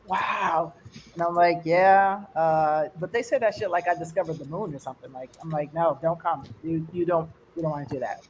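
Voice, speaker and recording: An older American woman doing a loose, rambling stand-up set for an online fundraiser. She chats to the audience like a friend, and her pitch leaps up whenever she imitates someone else's accent. A faint hiss of background noise sits under her voice. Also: a little fast, hardly any pauses, darkish tone, highs cut off. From United States. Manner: rambling and conversational, mimicking accents with big pitch jumps. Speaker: stand-up comedian.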